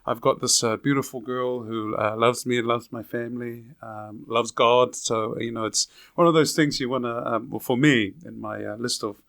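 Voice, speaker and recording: A man's voice: medium pitch, steady tone, moderate pace, creaky, few pauses, a bit bright, dry recording, studio quality. A man, a guest in a casual interview who jokes about himself and laughs often. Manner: joking, self-mocking, laughs often.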